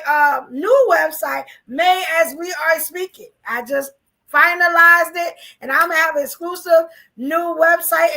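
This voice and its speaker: High, gravelly-voiced woman podcast host. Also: sharp tone. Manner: chatty, repeats "you know what I'm saying". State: losing her voice. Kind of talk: casual live-stream chat.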